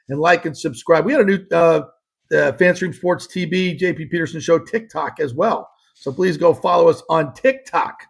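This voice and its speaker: A man's voice: on the high side, normal speed, creaky, breathy edge. A man hosting a sports talk show, chatting loosely with his co-host and often breaking in with exclamations.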